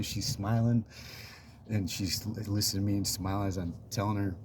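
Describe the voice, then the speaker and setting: A man's voice: low-pitched, steady tone, a little fast, darkish tone, a little hiss or hum. A man casually telling a personal story in a chatty, rambling way, full of fillers and little laughs.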